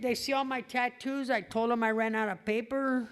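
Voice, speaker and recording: A middle-aged Californian woman gives a blunt testimony full of swearing at an AA meeting, laughing at herself in front of an audience in a meeting hall. Her voice is a little high, with fairly even intonation and a moderate pace.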